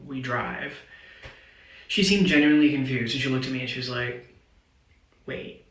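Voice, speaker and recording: A man from India tells a story for a social media clip at a measured, deadpan pace. His voice is bright and a little tense, and the room around him sounds echoey. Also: medium pitch.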